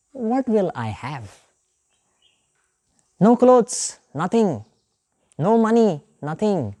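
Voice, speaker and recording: A woman with an Indian accent giving a spiritual lecture, telling a story in an animated way and acting out the characters' voices. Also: on the low side. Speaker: yoga and scripture teacher.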